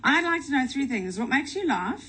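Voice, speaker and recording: A woman's voice: sits high, very animated, bright, forceful tone, a little hiss or hum. A middle-aged woman hosting a morning radio show, chatting playfully with two guests in the studio. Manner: chatty, playful, quick asides. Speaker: radio host. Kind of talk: radio interview chat.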